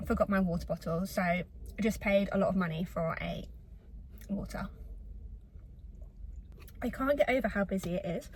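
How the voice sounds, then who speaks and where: A woman from England, chatting and rambling to camera in a casual vlog from her car, self-deprecating and lively. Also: fairly high pitch, a little hiss or hum, rough recording. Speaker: vlogger. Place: in her car in a retail park.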